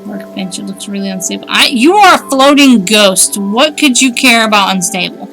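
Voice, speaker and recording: A woman's voice: mid-range voice, lively intonation, normal speed, a bit bright, faint music behind. A woman streaming a game, chatting wryly, thinking aloud and reading on-screen text. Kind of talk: casual let's-play commentary.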